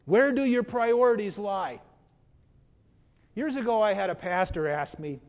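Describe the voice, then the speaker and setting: A man preaching a sermon as pastor, with emphatic pauses and rhetorical questions. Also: high-pitched, animated, long reverb tail.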